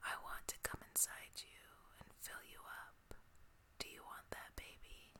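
A woman voicing a tender male lover in a whispered role-play, in a hushed, coaxing whisper. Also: medium pitch, level tone, a little slow, gravelly, heavy background noise.

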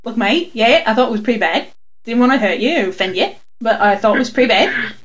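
A woman's voice: on the high side, animated, fast. A woman in casual podcast chat, giggly and self-deprecating, swearing casually.

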